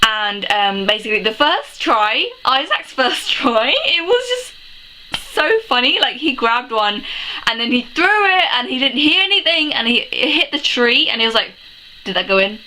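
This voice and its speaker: A woman's voice: sits high, sing-song, measured pace, sharp tone, slight background noise, rough recording. A young woman vlogging a film review, sniffly from crying, gushing and rambling with many exclamations and laughs. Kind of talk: casual emotional film review.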